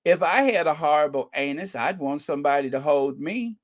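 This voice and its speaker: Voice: mid-range voice, animated, brisk. An American channel host giving casual commentary with a sarcastic, rambling, mocking manner. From United States.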